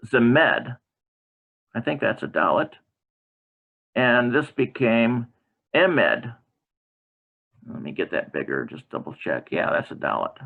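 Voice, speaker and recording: A man giving an informal lecture, reading from a textbook and adding halting comments with many fillers and self-corrections. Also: fairly low pitch, vocal fry, slightly rough. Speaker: Bible language teacher. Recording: tinny phone-like audio.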